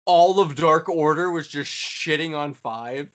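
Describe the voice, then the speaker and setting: A man co-hosting a casual podcast chat, retelling moments with excitement and energy. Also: on the high side, unhurried. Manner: excited storytelling, acts out quotes. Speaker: podcast co-host.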